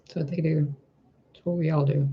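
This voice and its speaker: A man giving a spiritual tarot reading, talking in a gentle, reflective way and asking rhetorical questions. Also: a little high, level tone, a little fast, husky, dull audio. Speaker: tarot reader.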